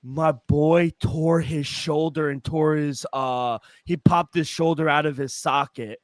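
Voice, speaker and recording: A man's voice: on the high side, steady tone, unhurried, no echo. A man co-hosting a sports betting podcast, telling a rambling, profane story in casual chat. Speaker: podcast co-host.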